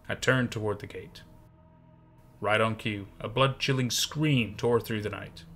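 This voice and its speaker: Man narrating a horror story, hushed. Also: lowish voice, steady tone, measured pace.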